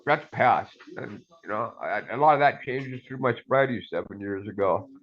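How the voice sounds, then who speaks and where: A man's voice: fairly low pitch, normal speed, lo-fi sound. A middle-aged man giving an emotional personal testimony, earnest and rambling, saying "man" often. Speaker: community member sharing a testimony.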